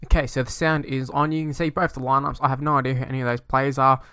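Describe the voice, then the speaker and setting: A man's voice: mid-range voice, flat delivery, quick pace, sharp tone, clean tone, no room sound. A young man casually commentating on his own football management game, rambling and hesitant, breaking into sweary frustration. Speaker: gaming YouTuber.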